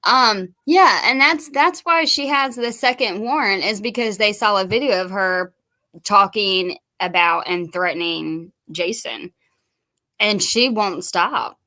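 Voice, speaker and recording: Brief: chatty woman commentator, bright and forceful tone, mid pitch. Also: slow pace. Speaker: commentator reacting to a stream. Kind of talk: casual commentary.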